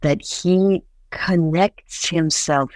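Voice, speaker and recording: A man speaking as a guest in a casual interview, halting, with many restarts and fillers. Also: fairly high pitch, dry recording.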